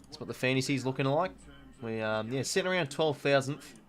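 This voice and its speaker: A man's voice: medium pitch, lively intonation, a little fast. A man around twenty with an Australian accent, hosting a casual live watch-along stream, chatting loosely and reading out viewer comments. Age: 20s. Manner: chatty, reads viewer comments, says "mate" often. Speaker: livestream host.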